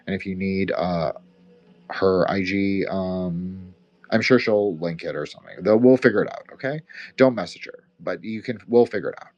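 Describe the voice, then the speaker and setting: A man's voice: low-pitched, normal speed, darkish tone, muffled recording. A man with a slight Quebecois accent hosting a live audio chat, rambling and profane, with frequent fillers. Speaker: host. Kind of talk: casual closing remarks on a live audio chat.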